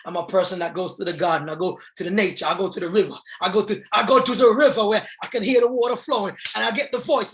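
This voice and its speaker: A man giving a fervent, preacher-style motivational speech. He often rises to shouts and leads the audience in call-and-response. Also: high-pitched, steady tone, fast talker, few pauses. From England. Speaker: motivational speaker.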